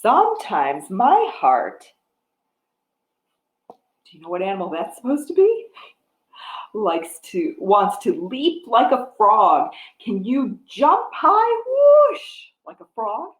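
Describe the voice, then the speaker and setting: A woman, a children's librarian, reading a picture book aloud at storytime, coaxing young children to join in with gentle encouragement. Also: medium pitch, huge pitch swings, slow. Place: library room. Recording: roomy echo.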